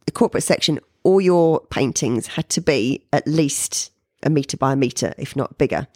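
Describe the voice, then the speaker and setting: A middle-aged woman, an artist telling stories of her career in a casual interview, animated and leaping up in pitch when she quotes people. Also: moderate pace, no echo, clean studio sound. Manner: animated, jumps high when quoting people. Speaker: painter being interviewed.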